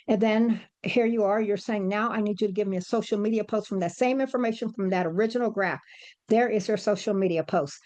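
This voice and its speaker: Woman trainer, brisk and insistent presentation delivery. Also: mid-range voice, darkish tone. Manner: rapid, urgent, emphatic. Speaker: real estate trainer. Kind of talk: fast-paced presentation.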